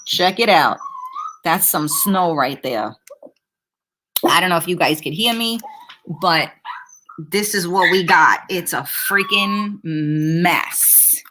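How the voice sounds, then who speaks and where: Her voice sits fairly low, and she talks slowly with long pauses while background noise runs underneath. She's a woman streaming casually from home on a laptop mic, going through viewer comments and swearing without holding back.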